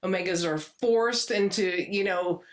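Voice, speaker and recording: A woman co-hosting a podcast in casual chat, who agrees often with quick yeahs and fills in story details. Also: mid-range voice. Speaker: podcast co-host. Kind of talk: casual book-discussion chat.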